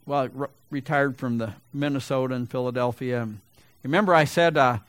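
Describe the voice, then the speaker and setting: A middle-aged pastor preaching a sermon loudly and with emphasis, his voice a little gravelly and building to big swells. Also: mid-range voice, steady tone, fairly quick, dry recording.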